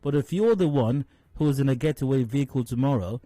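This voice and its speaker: A man with a Nigerian accent giving radio commentary as a talk show host, measured and full of fillers and restarts. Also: mid-range voice, animated, warm tone, no room sound. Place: radio studio.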